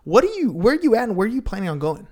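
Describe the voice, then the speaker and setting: Male host, fairly high voice, lively upbeat questioning. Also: rapid-fire. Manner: animated, upbeat, asks open questions. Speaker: host, interviewer. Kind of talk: casual interview chat.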